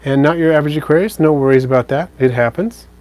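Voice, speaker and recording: Relaxed man chatting on a live stream. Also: fairly high pitch, fast. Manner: relaxed, rambling, with fillers and self-corrections. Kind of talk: casual live stream chat answering viewers.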